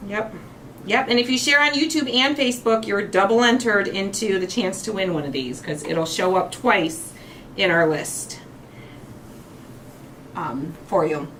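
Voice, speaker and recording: A woman's voice: mid-range voice, unhurried, fairly bright tone, slight background noise. A woman in her forties hosting a craft show, chatting casually and gushing with emotion. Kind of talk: casual livestream chat while crafting.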